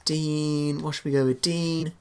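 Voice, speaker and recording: A man's voice: fairly high pitch, little pitch movement, unhurried, clear, resonant tone. Young guy chatting through his football career mode, lots of ums and restarts. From England. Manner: rambling, hesitant, many fillers and restarts. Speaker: gaming YouTuber. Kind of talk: casual game commentary.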